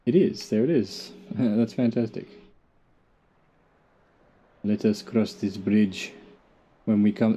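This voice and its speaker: A man's voice: medium pitch, takes it slowly, long pauses, mellow. A middle-aged Australian man giving casual gameplay commentary, muttering to himself with dry, self-mocking jokes. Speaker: gamer.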